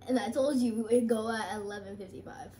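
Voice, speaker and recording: A young woman chatting as a guest with her father, giving brief, quiet answers. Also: a little high, fairly even intonation, fairly quick. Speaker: guest, host's daughter. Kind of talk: casual chat.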